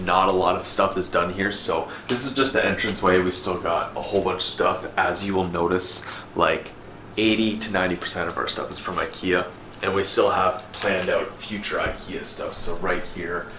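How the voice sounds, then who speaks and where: A man's voice: low voice, reverberant, background noise. A young man in his twenties chatting casually and upbeat as a fitness vlogger, walking through his apartment. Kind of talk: casual vlog chat. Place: apartment at home.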